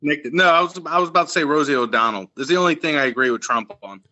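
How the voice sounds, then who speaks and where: A man's voice: a little high, rapid-fire, bright, forceful tone, lo-fi sound. A man on a podcast, chatting casually in a blunt, scornful way. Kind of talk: casual chat.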